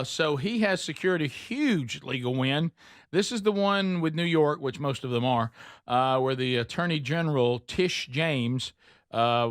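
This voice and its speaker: A man hosts a casual talk show, brash and quick to mock. His voice sits a little high and sounds close and dry, with no room around it. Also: a bit bright, no echo. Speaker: radio show host.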